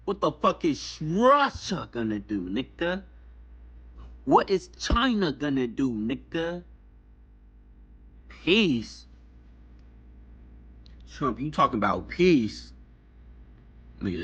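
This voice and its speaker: A man's voice: fairly low pitch, fairly bright tone, husky, lo-fi sound. A man ranting casually in a blunt, profane way. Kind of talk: casual rant.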